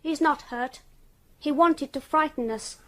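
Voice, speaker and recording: A woman voicing a cold, superior, unnerving child in a radio drama, speaking in flat, clipped, condescending tones. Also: high-pitched, a little slow. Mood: icy.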